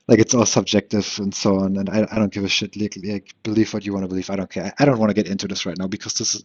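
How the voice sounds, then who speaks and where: Young guy rambling on his own podcast, slight lisp, kinda husky and low, dull lo-fi home mic. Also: little pitch movement, fast, darkish tone, dry recording. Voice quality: slight lisp, slurring words. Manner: rambling, profane, self-deprecating, lots of fillers and restarts. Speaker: podcast host. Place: room at home.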